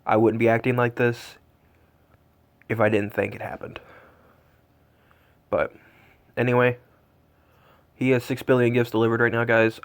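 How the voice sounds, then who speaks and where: A man's voice: mid-range voice, level tone, a little slow, pauses often, clear, resonant tone. A man in his twenties, cold and shivering, rambling in awe with many fillers in a casual vlog. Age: 20s. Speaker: vlogger tracking Santa. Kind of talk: casual excited vlog talk.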